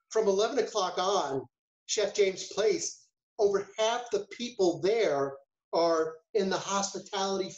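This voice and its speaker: A man's voice: sits high, a little mellow, reverberant, lo-fi sound. A man, a food safety chef, giving a casual webinar talk, chatty and full of rhetorical questions and storytelling asides.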